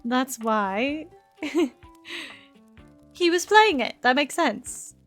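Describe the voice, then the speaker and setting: A young woman streamer, a little high-pitched and slow-paced, talking over a game. She giggles often and chats back at the characters as she plays. Faint music sits behind her. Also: expressive. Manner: giggly, chatty, reacting and bantering with game. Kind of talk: live game streaming commentary.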